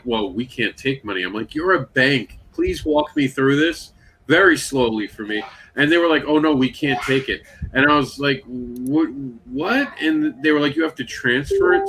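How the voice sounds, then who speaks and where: Bright-voiced man telling lively stories. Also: mid-range voice, a little hiss or hum, low-quality recording. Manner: animated storyteller, acts out quotes. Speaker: panel host. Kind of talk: casual panel chat.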